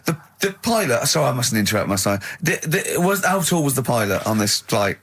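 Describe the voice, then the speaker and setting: Husky-voiced man teasing on radio. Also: medium pitch, very animated, a bit bright. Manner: teasing, quick interrupting jokes. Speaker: radio host. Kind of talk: casual radio banter. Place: radio studio.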